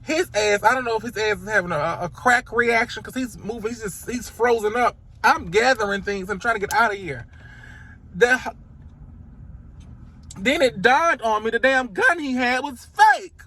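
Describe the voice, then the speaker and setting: A woman's voice: a little high, normal speed, sharp tone. A woman telling a dramatic story to the camera in a casual vlog, sassy and profane, calling her listeners honey and child. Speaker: storytime vlogger.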